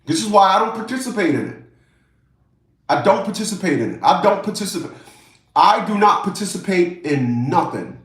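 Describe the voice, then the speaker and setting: A man delivers a ranting commentary vlog in a fairly high voice, animated and mocking. He repeats phrases for emphasis. The recording carries a roomy echo. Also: moderate pace. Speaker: YouTube commentator.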